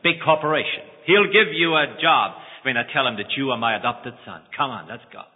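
A man voicing a wealthy middle-aged male lawyer who speaks calmly, gently and solemnly, told within a sermon. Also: medium pitch, brisk, lightly acted. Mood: gentle. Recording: tinny phone-like line, echoing hall.

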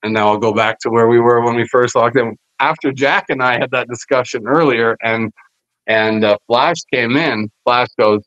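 With a mid-range voice at normal speed and no room sound, a one-time wrestler appears on a podcast sharing backstage anecdotes. He animatedly impersonates the people in his stories, profanity and all, and the recording is dull and lo-fi.

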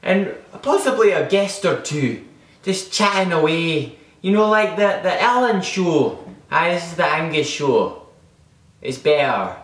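A man's voice: on the high side, expressive, unhurried. A man playing a rambling, boastful Scottish vlogger. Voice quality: rambling, self-important, stumbling. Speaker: comedy vlogger character. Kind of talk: comedic character monologue. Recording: echoey room, distant mic.

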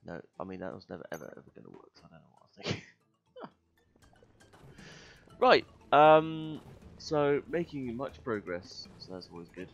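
A man commentating his gameplay, muttering to himself between loud, swearing outbursts, a little tired. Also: medium pitch, sing-song, moderate pace, long pauses, highs cut off. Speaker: gaming video host. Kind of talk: let's play commentary. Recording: faint game music behind.

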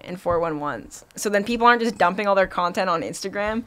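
A woman's voice: medium pitch, lively intonation, quick pace, a crowd in the background. Blunt, swearing woman guest from Canada. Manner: blunt, swears freely, laughs. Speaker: guest skateboarder. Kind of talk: casual chat.

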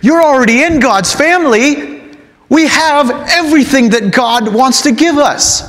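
A man preaching a sermon, telling a story with lively delivery and acting out the characters in it. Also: very high-pitched, a little slow. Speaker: pastor. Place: church sanctuary. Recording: long church hall reverb.

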